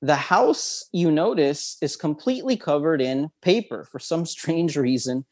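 A man's voice: fairly high pitch, lively intonation, a little slow, darkish tone. A man with a slightly raised voice talks a listener through a vivid memory exercise. He is upbeat and instructive and chuckles often. He is a guest on an interview. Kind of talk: guided visualization in an interview.

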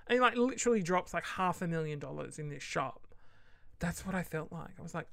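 A woman's voice: deep voice, a little fast, vocal fry, a little mellow, dry recording. A woman hosting a casual solo podcast, rambling chattily and acting out quoted voices with sudden whispered asides. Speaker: podcast host.

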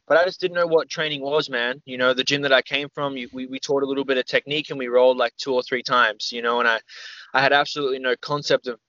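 A man's voice: mid-range voice, steady tone, fast talker, pushed and bright, no echo. A young man, a podcast guest, telling stories in a loose, rambling way, full of "like" and "man". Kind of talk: casual storytelling interview. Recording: slightly dull, dry recording.

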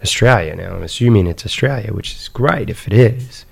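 A man voicing a blunt, brisk woman aid worker, speaking with incredulous directness. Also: fairly low pitch, expressive, vocal fry, a little mellow, husky, exaggerated voice.

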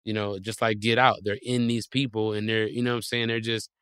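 Animated man spinning playful theories. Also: lowish voice, a little fast, smooth, no room sound, studio quality. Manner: animated, playful storytelling with exaggerated quoted voices. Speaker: guest. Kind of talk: casual comedic conversation.

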